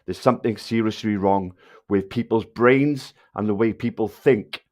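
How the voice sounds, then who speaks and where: A man's voice: on the low side, moderate pace, a little mellow. A man with a South Wales Valleys accent ranting angrily at viewers on a livestream, swearing and hurling insults. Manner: angry, insulting, heavy swearing.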